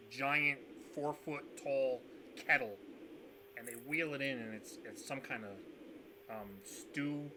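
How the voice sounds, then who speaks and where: A man's voice: medium pitch, noisy background. A man narrating as game master of a tabletop game on a video call, rambling with fillers. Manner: rambling, full of fillers and restarts. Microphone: video call setup.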